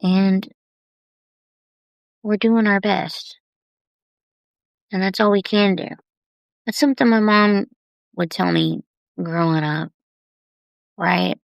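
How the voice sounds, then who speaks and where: A woman talking openly and tenderly on a live video about heavy times, unhurried and confiding. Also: mid-range voice, steady tone, vocal fry, dry recording, muffled recording. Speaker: artist sharing on a live video. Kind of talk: candid personal live stream.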